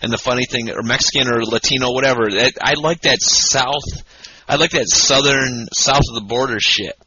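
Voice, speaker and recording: A drunk man co-hosting a podcast, rambling loudly and swearing constantly in casual banter. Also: medium pitch, moderate pace, husky, no echo, highs cut off. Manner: profane, rambling, loud and excitable. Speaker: podcast co-host. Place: home podcast setup, Michigan.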